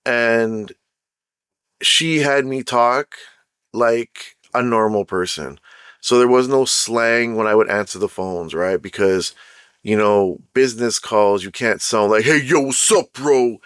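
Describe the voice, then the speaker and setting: A young Canadian podcast host tells a personal story in a loose, chatty monologue, repeatedly checking in with "right?" and laughing at his own jokes. His lowish voice is slow, a bit bright, clear and resonant, recorded in studio quality with no room sound.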